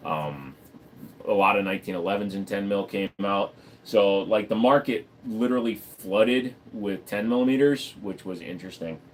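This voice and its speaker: A man's voice: lowish voice, moderate pace, slight background noise. A man hosting a casual livestream, talking bluntly and profanely and rambling as he reads chat comments aloud. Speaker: livestream host.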